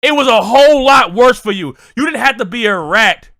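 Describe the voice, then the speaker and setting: A man reacting to music in a very high, piercingly bright voice. He talks loudly and excitably, swears freely, and keeps bursting into shouts. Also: normal speed.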